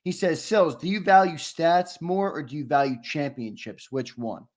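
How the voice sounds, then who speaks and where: A man's voice: fairly high pitch, lively intonation, moderate pace. A man co-hosting a sports talk show, reading viewer messages and agreeing in an easygoing way.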